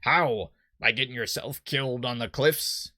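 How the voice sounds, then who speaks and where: A man voicing a gruff, weathered male harbor captain in a rough pirate-style put-on voice, reading game dialogue aloud. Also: medium pitch, unhurried, pushed and bright, no room sound, clean studio sound.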